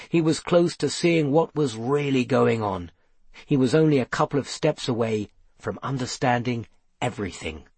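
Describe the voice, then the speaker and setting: A man narrating a children's storybook in a measured, steady way. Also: mid-range voice, breathy edge, dry recording. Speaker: audiobook narrator. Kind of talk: scripted narration.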